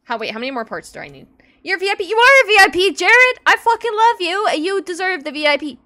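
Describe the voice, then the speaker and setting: Squealing, high-pitched woman streamer. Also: fast talker. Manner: excitable, gushing, swears a lot; squeals and laughs between lines. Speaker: game streamer. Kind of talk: casual live-stream chat.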